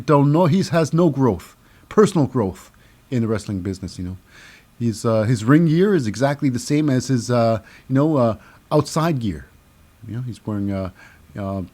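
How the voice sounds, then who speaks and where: A man's voice: mid-range voice, darkish tone. A man hosting a casual wrestling recap, rambling with lots of fillers and mixing up names. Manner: rambling, many fillers and name mix-ups. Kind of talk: casual solo show recap.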